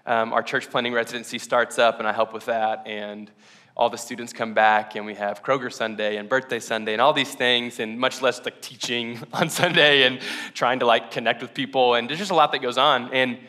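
A man's voice: mid-range voice, sharp tone. A man preaching a casual, conversational sermon to his congregation, laughing often and asking them questions. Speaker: pastor.

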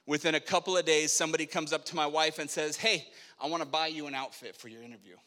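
A middle-aged man telling a personal faith story as a sermon, animated, acting out the dialogue of the people in it. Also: on the high side, fast. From Spokane, Washington, USA. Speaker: preacher telling his testimony. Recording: long echo of a hall.

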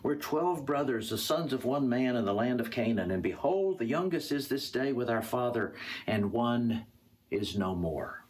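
A man's voice: animated, normal speed, darkish tone, lightly acted. A man voicing Joseph's frightened brothers in a scripture reading, pleading their innocence in a raised voice. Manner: pleading, higher and urgent.

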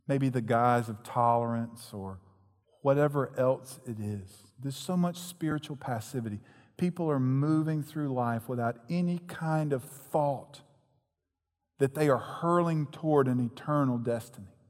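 Brief: male pastor, earnest emphatic preaching, average pitch, long echoing room sound. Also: a little slow, darkish tone. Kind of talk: sermon. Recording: long echoing hall reverb.

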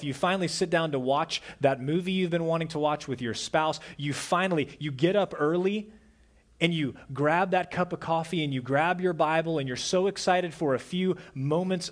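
A middle-aged male pastor preaching an earnest sermon, dropping to a soft hush on key words. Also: a little high.

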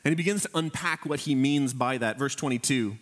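Speaking straight to his congregation, a man delivers a sermon as their pastor. His mid-range voice is earnest and emphatic, and he slows down whenever he reaches a key phrase.

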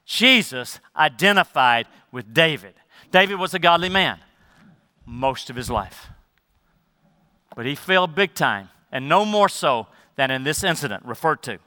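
A man preaching a sermon as pastor, speaking emphatically and then dropping into soft, low asides. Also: lively intonation, measured pace, no echo.

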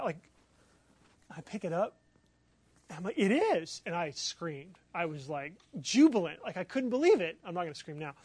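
A man preaching as a pastor, telling a personal story in an animated, excitable way with many fillers. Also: fairly high pitch, dry recording. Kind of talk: sermon storytelling.

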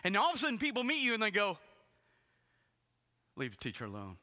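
A man preaching a sermon as a pastor, retelling the story dramatically and swinging from hushed tones to loud ones. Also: sits high, huge pitch swings, quick pace. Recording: long hall reverb.

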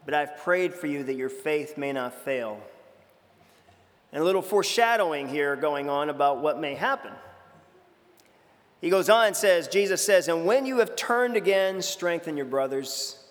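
A man with a high voice preaches a sermon in a church, with long echoes trailing off his words. He talks in a conversational way, restarting phrases and acting out quoted lines with sudden dramatic shifts. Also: expressive, moderate pace.

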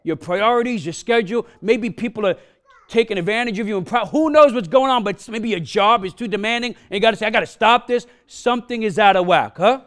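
Male pastor, high voice, accented English, punchy sermon delivery with call-outs to the room. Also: fairly quick, fairly bright tone. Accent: non-native English accent. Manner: punchy, repeats questions to the congregation, frequent "huh?". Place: church sanctuary.

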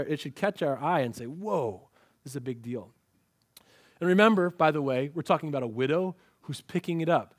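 A man delivers a lively sermon, dramatizing the story as he goes. His voice sits fairly high for a man. The recording is dry and close, with little room sound. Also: no room sound. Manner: animated storytelling, acts out quoted lines. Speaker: pastor. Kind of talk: expository sermon.

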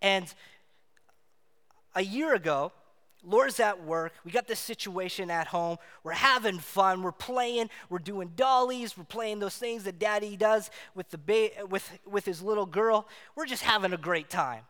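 A man preaching a sermon, telling a personal story in an animated way and acting out the voices in it. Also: high voice, measured pace. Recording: long hall reverb.

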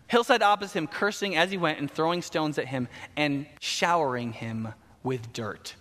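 A man preaching a sermon, retelling a Bible story in a casual, animated way with slang asides. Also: on the high side, moderate pace. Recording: long hall reverb.

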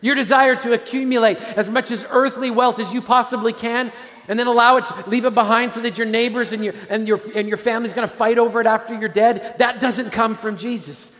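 High-voiced preacher in a reverberant hall. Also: male voice, fairly even intonation, brisk. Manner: earnest, repeats and restarts, drops to a low hush for emphasis. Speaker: pastor. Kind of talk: sermon.

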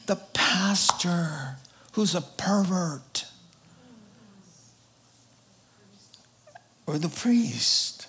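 A man's voice: medium pitch, fairly bright tone. A man preaching a sermon as pastor, in a conversational, joking way that often acts out quotes.

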